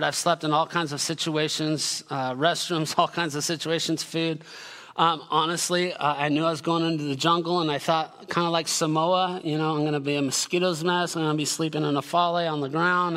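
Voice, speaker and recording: A man in his forties, a pastor preaching a sermon with energetic, emphatic delivery that builds into shouted lists. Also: fairly high pitch, big-room sound.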